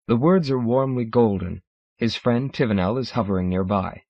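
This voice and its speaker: A man narrating an audiobook in a measured, dramatic manner. His voice is mid-pitched. The recording is dry and slightly muffled. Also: vocal fry, no echo.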